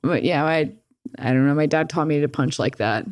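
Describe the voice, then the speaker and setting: This young woman speaks in a low voice at normal speed, with clean studio sound and no room ambience. As a podcast guest she tells a personal story openly and energetically, swearing often and saying "like" constantly.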